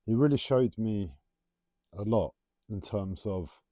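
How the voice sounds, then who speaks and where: A man talks on a solo livestream from home, drifting from one tangent to the next in a self-confessed waffle. His voice sits low and mellow, and he stumbles over his T's. The sound is dry and close, with no room echo. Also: takes it slowly. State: struggling to pronounce his T's. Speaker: livestream host. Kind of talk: rambling solo livestream talk.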